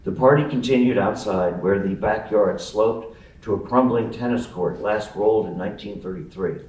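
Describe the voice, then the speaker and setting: A man's voice: fairly low pitch, moderate pace, darkish tone. A man reading his memoir aloud at a live event, with wry, amused storytelling. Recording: roomy sound from a distant mic.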